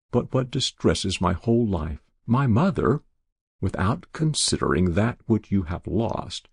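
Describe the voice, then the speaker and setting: Devoted young woman, earnest and tender, low gravelly read by a male narrator. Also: darkish tone, no room sound, studio quality, exaggerated voice. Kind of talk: audiobook character voice.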